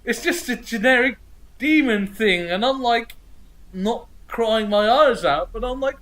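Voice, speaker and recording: A man co-hosting a casual chat over a video call, rambling excitably about comics and swearing freely. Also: very high voice, measured pace. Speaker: podcast co-host.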